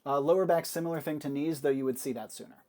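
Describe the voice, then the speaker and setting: A man running a tabletop game, describing the action in a fairly high voice. He narrates the scene at length, often pausing on small fillers as he thinks. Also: darkish tone. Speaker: game master.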